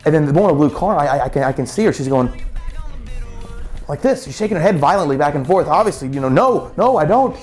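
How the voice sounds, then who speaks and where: Casual storyteller, rambling, stumbling over words, music faint behind. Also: male voice, fairly high pitch, expressive, quick pace, a little mellow. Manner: rambling, many restarts and repeated words.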